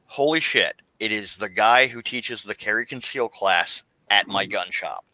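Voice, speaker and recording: A man telling a long anecdote in casual podcast chat, halting often with fillers and restarts. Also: on the low side, sharp tone, no echo, rough recording. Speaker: guest storyteller.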